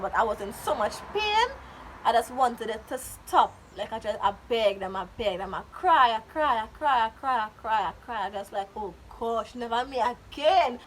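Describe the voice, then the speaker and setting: High, bright-voiced woman vlogger. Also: a little hiss or hum, rough recording. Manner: animated, dramatic retelling with quoted voices. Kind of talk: casual storytime.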